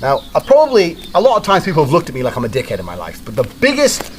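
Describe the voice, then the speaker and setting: Fast-talking, blunt, swearing man. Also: a little high, wildly swooping pitch, a little hiss or hum. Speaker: storyteller. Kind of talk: casual storytelling.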